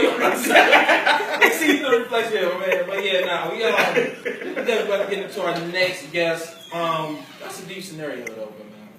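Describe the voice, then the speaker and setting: Male host, high bright voice, loose joking banter, laughs a lot; recorded in an echoey shop from far off with faint noise. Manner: laughs often, joking and rambling. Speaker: show host. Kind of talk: casual banter. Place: barbershop. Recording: echoey room from a distant mic, faint noise.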